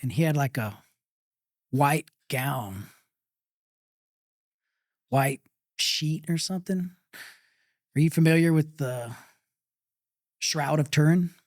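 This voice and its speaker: Middle-aged Texan man, interview guest, slow and halting, dry close sound. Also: a little high, dry recording. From Texas. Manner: halting, with many pauses and fillers. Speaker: pit master guest. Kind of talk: interview storytelling.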